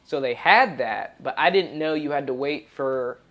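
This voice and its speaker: A man in his thirties in casual chat, telling behind-the-scenes stories in an animated way and acting out quotes. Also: mid-range voice, moderate pace. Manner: animated storyteller, acts out quotes loudly.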